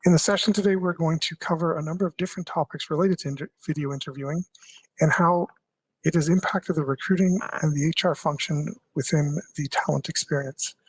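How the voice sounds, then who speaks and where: A man's voice: fairly high pitch, brisk, breathy edge, no echo, low-quality recording. A man presenting a webinar session, with an upbeat welcome before he moves into his questions.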